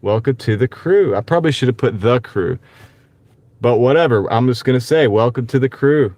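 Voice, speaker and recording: A man hosting a casual live stream, talking in a halting, rambling way with many fillers and greeting viewers by name. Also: medium pitch, lively intonation, a little mellow, no echo. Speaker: gig-driving livestream host. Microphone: wireless clip-on mic.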